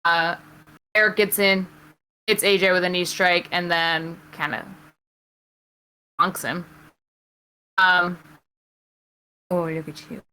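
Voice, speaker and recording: A woman's voice: fairly low pitch, steady tone, takes it slowly, pauses often, sharp tone, clean tone, poor audio. A woman co-hosting a podcast, retelling a wrestling match move by move in casual chat, with many ums. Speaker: podcast co-host.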